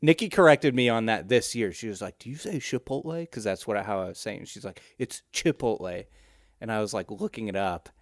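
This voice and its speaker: A young man co-hosting a casual podcast chat, talking haltingly with frequent restarts and easy laughter. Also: lowish voice, no echo, studio quality. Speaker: podcast co-host.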